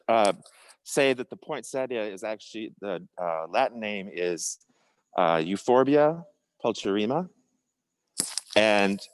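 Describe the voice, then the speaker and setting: A man's voice: on the low side, no room sound. A man presenting a guided tour of a conservatory show house, informal with frequent fillers.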